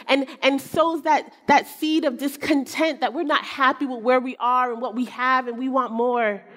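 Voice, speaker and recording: High-voiced woman preaching in a hall. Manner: animated, acts out quotes, self-mocking humor. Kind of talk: sermon with personal storytelling. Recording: long hall reverb.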